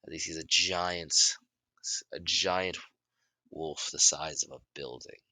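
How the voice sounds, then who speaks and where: A man improvising a fan story in halting narration, often restarting his sentences and shouting out the characters' lines. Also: rumbling low, fairly even intonation, no room sound. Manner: halting, many restarts and self-corrections; bursts into loud shouts for dialogue.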